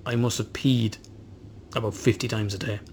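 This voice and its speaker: A podcast co-host tells a long, rambling story in casual chat, swearing constantly and making fun of himself. His fairly low, darkish voice holds a steady tone at normal speed, with slight background noise.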